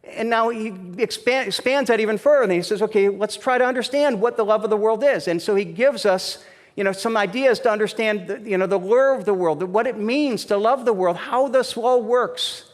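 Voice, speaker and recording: High-voiced pastor preaching in a reverberant church. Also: male voice, a little fast. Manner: conversational storytelling with many restarts, growing emphatic. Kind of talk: sermon. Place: church sanctuary.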